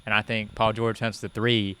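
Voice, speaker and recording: A man co-hosting a casual sports podcast, weighing his points in a calm, reasoned way. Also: lowish voice, slight background noise. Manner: measured, reasoned, lots of um and I feel like. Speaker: podcast co-host.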